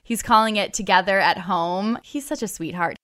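A woman's voice: mid-range voice, moderate pace, fairly bright tone, a little hiss or hum. A woman radio host reading entertainment news in a bubbly, giggly way.

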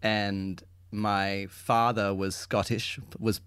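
Australian man, casual chat, lowish voice, dry sound, quick laughs. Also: flat delivery, a bit bright, clean tone, no echo. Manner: chatty, laughs often. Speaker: podcast host and improv teacher.

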